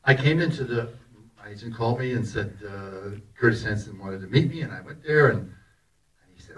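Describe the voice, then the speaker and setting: An older actor telling anecdotes to a festival audience in an animated, laughing way, often acting out the lines he quotes. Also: fairly low pitch, fairly quick. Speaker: actor telling stories about a film. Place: festival talk in a hall. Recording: voice picked up from a distance.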